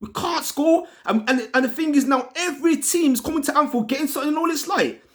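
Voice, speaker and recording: A man's voice: extremely high pitch, fast talker, a bit bright. A man hosting a fan channel, ranting in a swearing, slangy, exasperated way about his team. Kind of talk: angry football fan rant.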